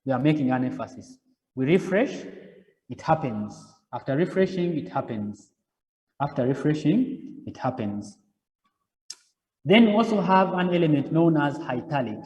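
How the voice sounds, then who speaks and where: A man teaching web design, walking through each step slowly and repeating himself, often checking in with "okay?". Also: fairly high pitch, sing-song, a little mellow, big-room sound, dull audio. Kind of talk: live coding lecture.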